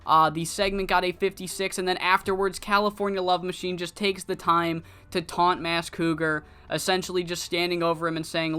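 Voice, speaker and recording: A casual narrator recapping a wrestling management game save, rambling with frequent ums and loose swearing. The voice sits mid-pitch over faint background music. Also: level tone, moderate pace, hardly any pauses, bright, forceful tone, clean tone. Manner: rambling, profane, many fillers.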